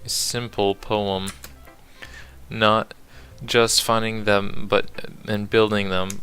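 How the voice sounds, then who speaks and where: A man reading the lines of a shy, bookish teenage girl from a game, soft and polite. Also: lowish voice, creaky, smooth, heavily acted. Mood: gentle. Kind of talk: reading game dialogue aloud.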